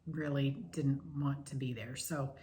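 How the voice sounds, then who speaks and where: A woman's voice: very deep voice, steady tone, unhurried, mellow. A woman co-hosting a stitching channel, chatting casually and wandering off into stories. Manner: chatty, digressive storyteller. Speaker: flosstube co-host.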